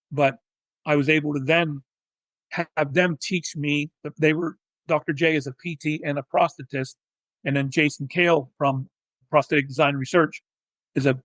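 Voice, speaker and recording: A man, a physical therapist and educator, telling his story in a technical, animated way as an interview guest. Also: a little high, no echo, rough recording. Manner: technical, animated, acts out quoted dialogue. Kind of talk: conversational storytelling.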